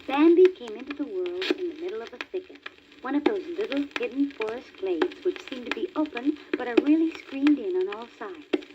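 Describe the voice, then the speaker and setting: A woman reading a children's storybook aloud as the narrator of a read-along record, in a clear, animated manner. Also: on the high side, fairly quick. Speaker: story reader. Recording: dull crackly old vinyl record.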